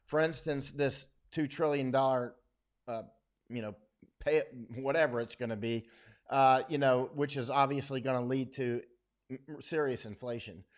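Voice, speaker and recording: A middle-aged man speaks in a casual, unscripted livestream style. His voice sits at a mid pitch, and he is blunt and opinionated. He often lets his phrases sink low and quiet as he finishes a point. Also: steady tone, moderate pace. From United States. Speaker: livestream host.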